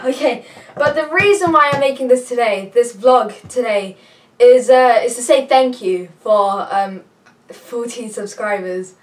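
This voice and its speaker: A young woman vlogging at home, chatting to a camera on a tripod in a rambling, excitable way, a little out of breath. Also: on the high side, a little slow. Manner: rambling, restarts often, excitable. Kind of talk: casual chat to camera. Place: home room with a computer. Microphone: camera on a tripod, some distance off. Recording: voice a bit far from the mic.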